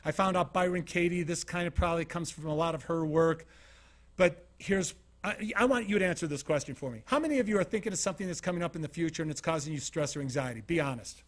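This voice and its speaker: A man's voice: fairly high pitch, fast talker. A man from Utah giving an informal motivational talk to a small studio audience. He tells stories with energy and keeps asking the listeners direct questions. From Utah, USA. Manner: animated storyteller, asks the audience direct questions. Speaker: motivational keynote speaker.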